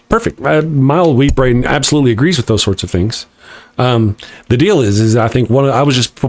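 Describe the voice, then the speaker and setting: A man's voice: medium pitch, darkish tone, dry recording. Sarcastic joking man hosting a livestream. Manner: joking, sarcastic, rambling asides. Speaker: livestream host reading chat. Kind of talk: casual livestream chat.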